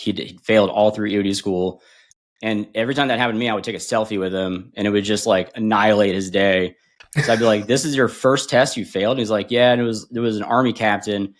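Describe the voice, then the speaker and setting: A man in his forties, a podcast guest and former bomb disposal instructor, telling stories in a casual, animated way and acting out quotes. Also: fast. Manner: animated, acts out quotes with big pitch jumps and laughs. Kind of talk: casual storytelling.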